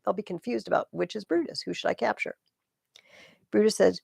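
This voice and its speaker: Woman with a gravelly voice explaining a play. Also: medium pitch, a little fast, pauses often, no echo, clean studio sound. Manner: switches between plain explanation and loud dramatic reading of the lines. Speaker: literature tutor. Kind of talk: reading a play aloud with commentary.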